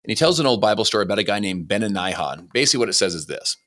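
A man's voice: fairly low pitch, expressive, rapid-fire, a bit bright. A man, a guest author on a podcast, speaking in a preachy motivational way and repeating phrases for emphasis.

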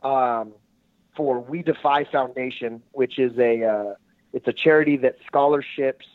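A man's voice: medium pitch, unhurried, dry recording. A man telling a story as a guest over the phone, laughing and swearing as he talks. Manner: laughing, profane, animated retelling. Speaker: guest, jiu-jitsu gym owner. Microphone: phone call. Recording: tinny phone line.

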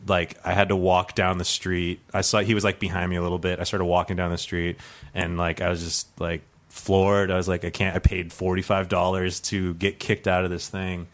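A man with a low voice tells a long, rambling story full of fillers. He keeps breaking into laughter as he acts out the other people in it, and his delivery sounds like live storytelling for an audience. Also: little pitch movement, moderate pace, fairly bright tone. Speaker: improv comedian telling a true story.

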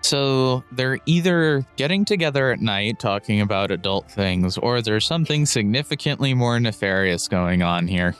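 A man's voice: medium pitch, moderate pace, few pauses, fairly bright tone, clean tone, faint music behind. A man in casual tabletop role-play, level-headed and keeping the group on task. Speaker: player.

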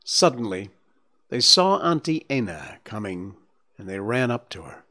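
A man hosting a live stream, reading a storybook aloud in a gentle, measured way. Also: on the low side, very animated. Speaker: livestream host reading a book aloud.

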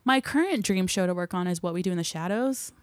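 A woman's voice: lowish voice, expressive, fast, no echo. A young woman, a film crew member chatting in a casual interview, telling stories animatedly with lots of fillers.

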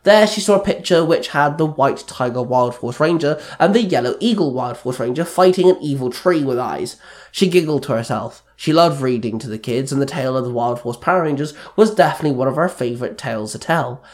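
A man narrating a fan fiction story in a plain, steady reading voice. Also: mid-range voice, brisk.

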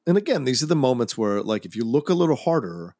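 A man's voice: medium pitch, sing-song, fast, darkish tone, no room sound, clean studio sound. A man co-hosting a film podcast, chatting casually in an easygoing, enthusiastic way. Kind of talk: casual chat.

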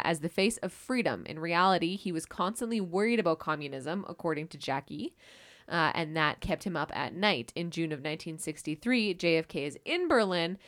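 A woman co-hosting a casual history chat, reacting with excited, jokey disbelief and the odd swear word. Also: lowish voice. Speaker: podcast co-host.

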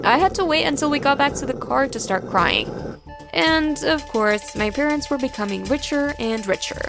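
A woman narrating a first-person story in an expressive, dramatic way. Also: high-pitched, moderate pace, gravelly. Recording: background music.

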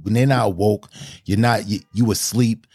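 A young man hosting an interview in casual, animated, slang-filled chat, speaking with emphasis. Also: on the low side, normal speed, slightly rough, no room sound. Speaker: podcast host.

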